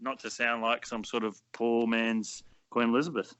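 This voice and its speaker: A man talking as a podcast guest in casual chat, relaxed and joking, with plenty of ums and restarts. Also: medium pitch, moderate pace, no room sound, highs cut off. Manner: relaxed, joking, hesitant with many fillers.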